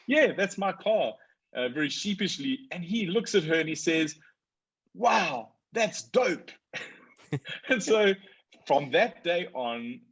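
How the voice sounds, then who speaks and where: Man telling stories, slightly muffled audio. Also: medium pitch. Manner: storytelling, animated when quoting others. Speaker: guest. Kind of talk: casual conversation.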